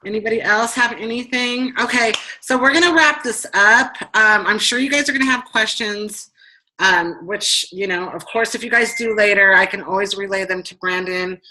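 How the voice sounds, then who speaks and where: A woman's voice: medium pitch, normal speed, sharp tone, rough recording. A woman leading a team training over a video call, chatty and bubbly with lots of fillers. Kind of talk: casual chat.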